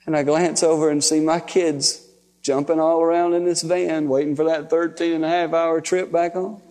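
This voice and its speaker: A man preaching, telling a personal story in a folksy, emotional, animated way. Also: a little high, normal speed. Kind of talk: sermon storytelling. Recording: long hall reverb.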